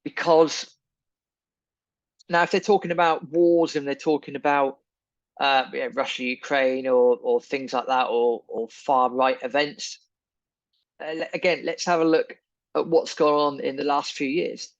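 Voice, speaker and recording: A man's voice: mid-range voice, little pitch movement, unhurried, no room sound, highs cut off. A man hosting a podcast, delivering an indignant, emphatic opinion monologue full of repeated phrases. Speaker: podcast host.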